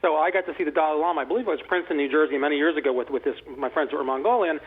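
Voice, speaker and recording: Man, 60s, rapid rambling talk, slightly high voice, tinny phone-line sound. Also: breathy edge. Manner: animated, rambling, many restarts. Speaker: author and interview guest. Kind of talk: casual conversational storytelling.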